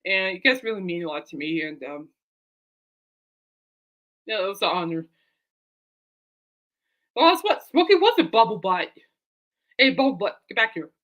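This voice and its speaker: A woman's voice: mid-range voice, sing-song, moderate pace, pauses often, a bit bright. A woman talking casually to her camera as a vlogger and fan, rambling and heartfelt, turning aside to talk to her dog.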